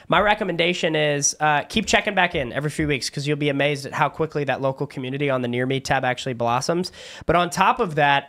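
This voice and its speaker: A man appearing as a guest on a talk show, giving an upbeat pitch for his business. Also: fairly bright tone. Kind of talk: casual studio talk show.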